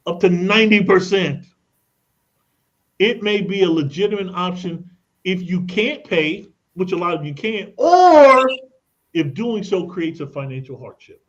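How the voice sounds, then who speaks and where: Radio guest: emphatic man, fairly high voice, slightly dull radio sound, talks like he's telling stories. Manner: emphatic, tells anecdotes, repeats "look at this". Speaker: credit expert guest. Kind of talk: radio interview, lively explaining.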